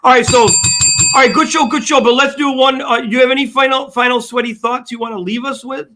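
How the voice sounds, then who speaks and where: A man's voice: very high voice, fairly even intonation, fairly quick, background noise. An older man co-hosting a sports podcast, rambling and repeating himself as he banters and tells stories. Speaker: podcast co-host.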